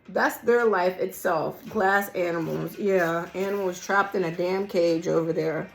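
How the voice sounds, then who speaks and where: A hoarse woman, losing her voice, giving a casual collective tarot reading in a blunt, emphatic way and swearing freely. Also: lowish voice, a little slow, hardly any pauses, faint music behind, rough recording. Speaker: tarot reader. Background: song playing quietly.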